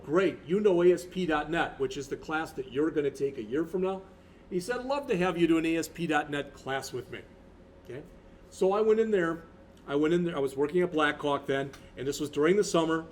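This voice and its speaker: A man's voice: on the high side, darkish tone, a little hiss or hum. A man in his fifties, a college instructor, talking through a recorded lecture in a rambling, conversational way with many restarts.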